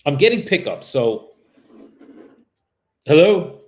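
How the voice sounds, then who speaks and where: Casual slangy man cold-calling live. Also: normal speed. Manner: casual slangy chat to viewers, politer and higher on calls. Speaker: real estate broker.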